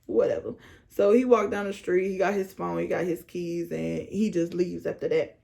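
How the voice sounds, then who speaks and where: A young woman vlogger telling a storytime tale in an animated, slangy, laughing way. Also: lowish voice, normal speed, creaky. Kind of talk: casual storytime.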